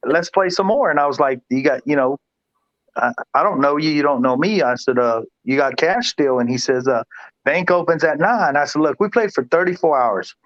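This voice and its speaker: A man's voice: on the high side, lively intonation, normal speed, fairly bright tone, dry recording, muffled recording. A man, a guest pool player, telling a long story in casual chat, rambling and repeating himself with laughs.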